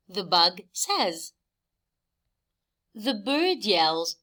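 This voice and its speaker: A woman reading a picture book aloud to children, slow and clearly enunciated in a cheerful way. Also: mid-range voice, very animated, a bit bright. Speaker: teacher reading a storybook to children. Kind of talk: children's story read-aloud.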